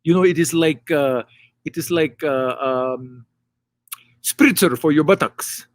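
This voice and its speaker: Older in-law, overly polite, stilted English, higher voice, a comedian putting it on. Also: male voice, no echo. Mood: hospitable. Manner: formal, halting broken English, searching for words. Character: fussy, hospitable Egyptian father-in-law, older man.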